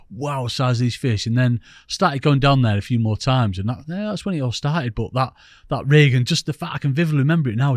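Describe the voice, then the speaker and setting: A man's voice: medium pitch, no room sound, studio quality. A man from England, a podcast guest and angler, telling stories in a chatty, rambling, self-mocking way. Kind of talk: casual storytelling interview.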